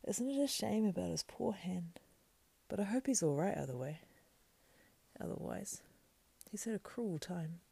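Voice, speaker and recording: An eager, plain-spoken young hobbit lad, put on by a woman reading aloud. The voice sits a little raised above her deep, gravelly tone, dry and close, with a soft, breathy edge. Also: animated, measured pace, dry recording, full character voice. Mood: concerned. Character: cheerful, homely young male hobbit servant.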